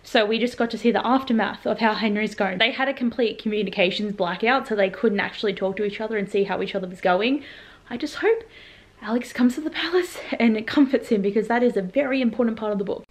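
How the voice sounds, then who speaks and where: A young woman chatting in a casual reaction vlog at home, full of "like" fillers and excited asides. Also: medium pitch, quick pace. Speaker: book vlogger. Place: at home in pajamas.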